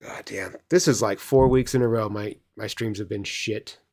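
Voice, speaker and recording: A man's voice: fairly low pitch, steady tone, moderate pace, darkish tone. A man doing profane, mocking reaction commentary on a live stream. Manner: angry, crude, mocking.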